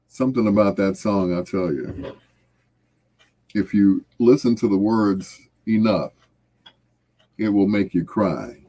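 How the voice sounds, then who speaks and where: A man hosting a late-night radio show, talking in a slow, reflective, heartfelt way and trailing off softly. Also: on the low side. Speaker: radio host.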